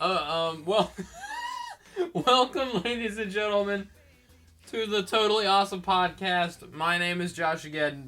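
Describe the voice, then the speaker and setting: A man's voice: on the high side, sharp tone. A young man hosting his own podcast, rambling and joking at himself, groggy from just waking up. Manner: rambling, jokey, self-mocking. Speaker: podcast host. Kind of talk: casual solo podcast chat.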